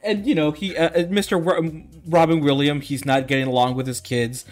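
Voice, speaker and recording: A man's voice: fairly high pitch, steady tone, brisk, faint music behind. A man on a podcast casually recapping a movie, rambling and acting out the characters' lines. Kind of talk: casual movie review chat.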